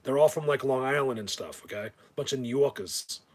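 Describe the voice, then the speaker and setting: Husky rambling New man. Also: mid-range voice, fairly quick. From New Jersey. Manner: rambling, joking, many restarts. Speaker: live video host. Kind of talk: casual rambling live chat.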